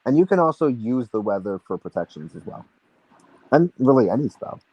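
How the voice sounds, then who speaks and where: A man's voice: medium pitch, very animated, fairly quick, breathy edge, dull audio. A young man co-hosting a casual chat, rambling and chatty with many restarts. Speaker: podcast co-host.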